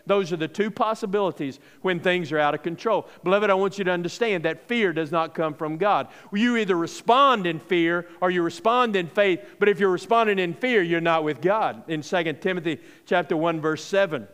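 A male pastor delivers a sermon in an easy, conversational manner and keeps checking in with his listeners through rhetorical questions. His voice sits high for a man. The sound rings with the long reverb of a large hall. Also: moderate pace, few pauses, fairly bright tone, smooth.

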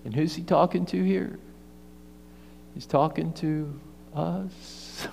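Brief: male preacher, emphatic, high-ish voice, echoing church hall. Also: measured pace. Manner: emphatic, repetitive, storytelling. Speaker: pastor. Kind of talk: sermon. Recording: reverberant hall.

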